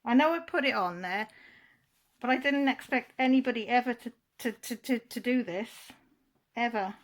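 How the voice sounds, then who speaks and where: Woman vlogger, slightly high voice, emotional and gushing, casual unboxing chat. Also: moderate pace. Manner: emotional, gushing, near tears.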